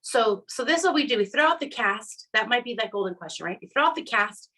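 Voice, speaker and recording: A woman's voice: on the high side, animated, fast, bright, forceful tone, low-quality recording. A middle-aged woman, a sales director, giving her team a chatty, upbeat coaching talk and checking in with "right?" and "okay?" all the time. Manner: acts out quoted customers in put-on voices.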